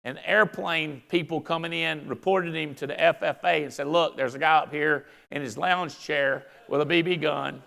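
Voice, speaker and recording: A man giving a folksy, excitable motivational speech to his team at a convention. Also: a little high, moderate pace, vocal fry, few pauses. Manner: folksy, excitable, rambling storyteller. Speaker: company founder speaking at a convention. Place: large convention hall. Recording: live hall reverb.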